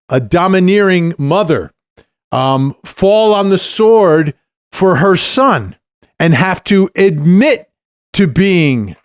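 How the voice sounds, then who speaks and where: A man's voice: on the high side, dry recording, clean studio sound. A middle-aged man, a former prosecutor, giving emphatic legal analysis as a podcast guest, often asking "right?". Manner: animated, emphatic, uses rhetorical "right?".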